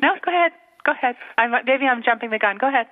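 A woman co-hosting a radio show with casual banter. She teases the host with dry, quick comebacks. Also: a little high. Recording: phone-like narrow band.

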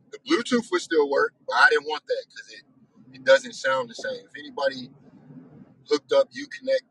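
A man with a bright, somewhat high voice that swings widely up and down, and a husky edge to it. He hosts a weekly discussion and tells a story in a casual, profane, exasperated way, then turns it back on himself. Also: rough recording. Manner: self-reflective.

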